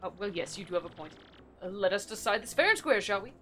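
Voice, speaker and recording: A woman's voice: mid-range voice, expressive, quick pace, a bit bright, a little hiss or hum, close to an everyday voice. A woman voicing a pompous, cowardly male merchant in a video game, grandiose and fussy. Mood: flustered. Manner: grandiose, fussy, self-pitying. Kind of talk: reading game dialogue aloud in voices.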